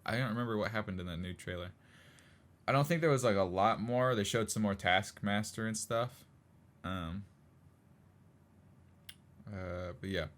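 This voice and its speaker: A man's voice: fairly low pitch, normal speed, long pauses, fairly bright tone. A man co-hosting a casual podcast chat, rambling with lots of fillers and frequent laughs. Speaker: podcast co-host.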